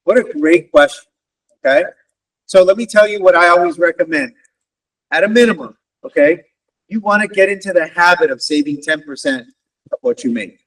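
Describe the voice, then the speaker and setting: A man's voice: sits high, lively intonation, normal speed, pauses often, fairly bright tone. A man giving a motivational career talk to students, engaging them and often checking in with "okay?" and "right?". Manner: addresses listeners as "guys". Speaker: guest career speaker, wealth advisor. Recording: distant mic on a virtual event.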